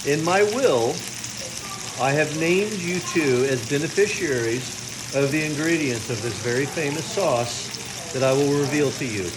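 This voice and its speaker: Older man, slightly high voice, chatty, proud showman, home kitchen, loud frying noise. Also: unhurried. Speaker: family cook filming a holiday video. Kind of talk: casual home video narration. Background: frying sizzle.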